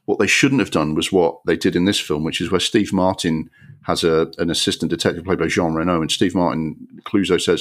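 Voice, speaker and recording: A man with a very low voice rants about a film on his podcast, exasperated and sarcastic, swearing freely. His delivery swings between grumbling and incredulous outbursts. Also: steady tone, fast. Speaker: podcast host. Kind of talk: ranting film review.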